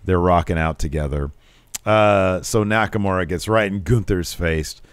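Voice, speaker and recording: A man with a low voice co-hosts a casual wrestling podcast, walking through matches play by play. He keeps slipping into animated impressions of the wrestlers he quotes. The sound is dry and close, with no room around it. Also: normal speed, clear, resonant tone, no room sound. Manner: animated, mimics quoted wrestlers with pitch jumps. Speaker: podcast co-host.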